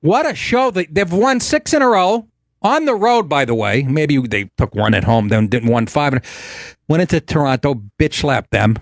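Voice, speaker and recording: A man's voice: on the high side, animated, moderate pace, gravelly, no room sound, studio quality. Profane, sarcastic male talk host. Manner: takes on voices for quotes. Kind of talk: casual comedic monologue.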